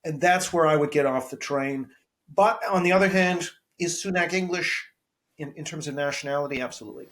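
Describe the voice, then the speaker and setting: A man speaking as a professor guest on a podcast interview, arguing in a measured, analytical way and often repeating words as he builds a point. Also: on the high side, fairly bright tone.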